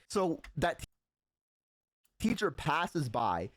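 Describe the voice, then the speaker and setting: A man's voice: fairly high pitch, moderate pace, no room sound. A man casually telling a childhood story on a stream, rambling with lots of fillers. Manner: rambling, animated with many fillers.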